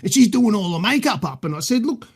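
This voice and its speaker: In a full character voice that sits high, an Australian man talks quickly and expressively, his tone slightly rough. He's improvising a crude, boastful middle-aged bloke guesting on a podcast, cheeky throughout, rambling and swearing freely.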